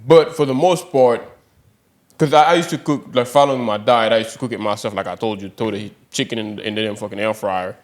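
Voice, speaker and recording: A man with a Haitian accent, co-hosting a podcast and telling animated stories in casual chat, often laughing. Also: a little fast. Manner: animated storytelling, laughs a lot, mimics voices in high pitch. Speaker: podcast co-host.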